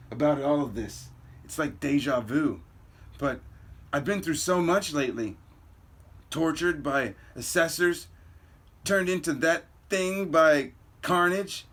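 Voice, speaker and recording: A man reading a comic aloud, voicing a weary, worried teen boy superhero in a low, subdued inner monologue. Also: unhurried, pauses often, fairly bright tone. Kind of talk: comic book read-aloud.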